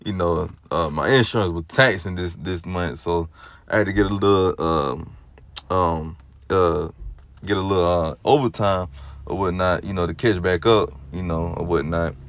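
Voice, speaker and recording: A man giving a casual spoken religious exhortation. He rambles and leans on fillers like "you know" and "or whatnot", moving between low, subdued stretches and loud, animated bursts. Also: normal speed, no room sound. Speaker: lay religious teacher.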